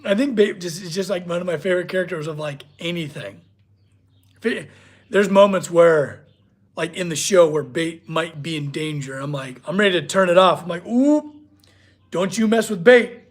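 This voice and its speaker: A man's voice: a little high, normal speed. A man hosting a casual livestream from his workshop, chatting with viewers and talking to his dog. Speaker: blacksmith livestream host.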